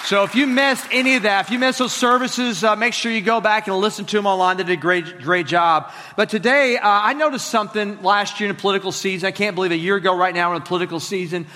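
A man in his forties with a Southern drawl, preaching a sermon as pastor in an energetic, conversational way with joking asides. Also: high-pitched, quick pace, hardly any pauses, a faint crowd. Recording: long reverb of a large hall.

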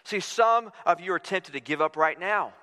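A man in his forties preaching a sermon, telling stories with lively acted-out quotes. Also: moderate pace, in a large hall. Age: 40s. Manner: animated storytelling, acting out quotes with big pitch swings. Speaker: pastor. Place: church sanctuary.

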